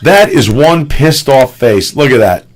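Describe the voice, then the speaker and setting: A man's voice: medium pitch, big pitch swings, a little slow. A man co-hosting a live-streamed talk show, chatting casually in a loose, profane, rambling way full of restarts. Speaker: co-host. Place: home studio streaming live.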